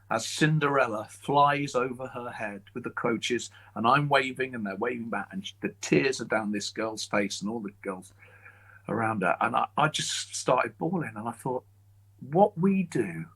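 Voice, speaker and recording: A man chatting as a guest, telling emotional stories in an animated, lively way. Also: mid-range voice, breathy edge, rough recording. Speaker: guest, children's TV presenter and magician. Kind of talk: casual chat, storytelling.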